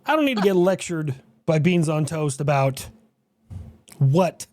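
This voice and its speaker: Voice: mid-range voice, expressive, a little slow, darkish tone, dry recording. A streamer with a mid-range voice talks through a reaction video in an offhand, sardonic way. The speaker swears now and then. The sound is close and dry. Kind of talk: casual reaction-stream chat.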